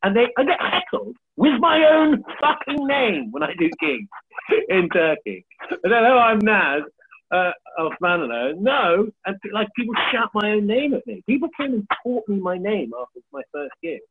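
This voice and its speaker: Very animated and high-voiced, a thirtysomething man chats casually as a podcast guest at a moderate pace. He's a comedian joking at his own expense and cursing freely, heard over a tinny phone-like line with a faint hiss.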